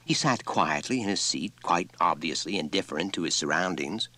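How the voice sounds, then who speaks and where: A man narrating a story in an expressive, lively reading. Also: deep voice, fairly quick. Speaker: audiobook narrator.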